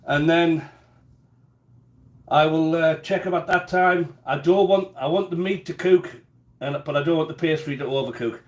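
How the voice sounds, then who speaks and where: A man's voice: a little high, moderate pace. A man chatting casually in his home kitchen during a live cooking stream, rambling and often repeating words as he goes.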